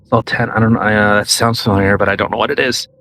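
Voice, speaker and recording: A man's voice: lowish voice, steady tone, fast talker, sharp tone, slight background noise. A man co-hosting a casual podcast who rambles and hesitates, restarting his sentences as he talks. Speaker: podcast co-host.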